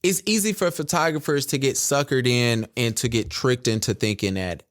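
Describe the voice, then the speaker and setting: A man on a podcast as a guest, telling a story in an animated, chatty way and addressing listeners as y'all. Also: mid-range voice, normal speed, dry recording, clean studio sound. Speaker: guest photographer.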